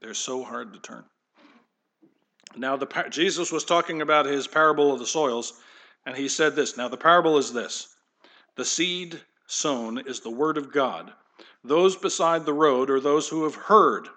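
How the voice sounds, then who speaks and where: Male pastor, slightly high voice, preaching with punchy emphasis and chatty asides. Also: measured pace, bright, forceful tone. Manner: conversational asides. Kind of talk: sermon.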